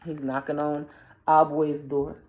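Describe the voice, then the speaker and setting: A woman's voice: low-pitched, flat delivery, unhurried, a little mellow. A woman reading a picture book aloud and chatting playfully to the listener about the pictures. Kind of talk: read-aloud with chatty commentary.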